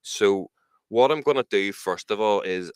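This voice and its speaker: Sweary Northern Irish man, lowish voice. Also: unhurried, clean tone, no echo. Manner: sweary, laughs a lot. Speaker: podcast co-host. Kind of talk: casual banter.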